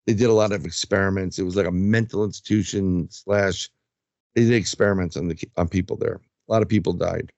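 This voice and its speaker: A man's voice: deep voice, brisk, creaky, no echo, highs cut off. A man who investigates the paranormal, telling his experiences in a casual interview and acting out what others said. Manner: animated storyteller, acts out quotes.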